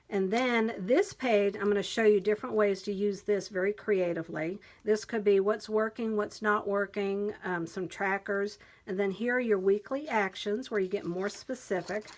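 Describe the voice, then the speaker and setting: A woman vlogger walking viewers through a new planner, chatty and enthusiastic as she describes each page. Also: medium pitch. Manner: enthusiastic, chatty, reads quotes aloud. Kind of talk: planner flip-through walkthrough.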